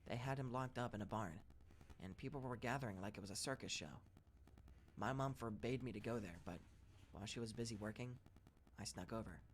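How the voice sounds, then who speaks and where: A man narrating first-person scary stories in a steady, even read-aloud delivery. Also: lowish voice, a little fast. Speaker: story narrator.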